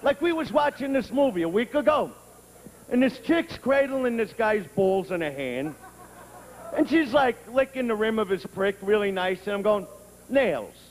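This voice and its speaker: A male stand-up comedian telling a brash, profane routine who bursts into shouting. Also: sits high, animated, moderate pace. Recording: echoey hall with clear noise.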